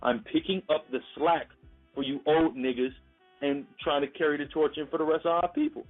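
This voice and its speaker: A man's voice: fairly high pitch, fairly even intonation, a little fast. Indignant young man on a phone line. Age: young adult. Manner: indignant rebuttal, many "um" fillers. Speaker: debater. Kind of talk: heated online debate. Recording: phone-like line, faint music.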